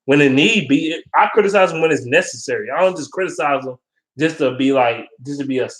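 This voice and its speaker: A man ranting casually and profanely about football, animated and blunt, as a vlogger. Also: a little high, a little fast. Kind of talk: casual sports rant. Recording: roomy echo.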